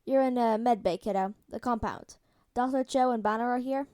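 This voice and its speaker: A wry middle-aged man, fatherly and protective, as a woman reads him in a fan audiobook. He teases lightly but soothes gently, in a fairly high, clean voice with a dry, close sound. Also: normal speed, dry recording, close to an everyday voice. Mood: teasing.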